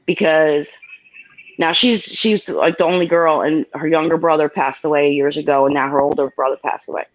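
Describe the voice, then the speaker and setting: A woman from New York, USA, tells a personal story as a guest over a video call, rambling with many restarts and getting choked up. Her deep voice keeps a fairly even intonation at a moderate pace, heard through dull lo-fi call audio.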